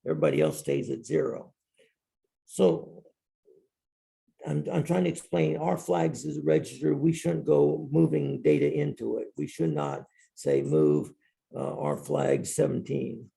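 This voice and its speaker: Gravelly-voiced male professor lecturing. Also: a little high, sing-song, normal speed, warm tone. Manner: explains step by step, repeating key terms. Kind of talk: university lecture. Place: classroom.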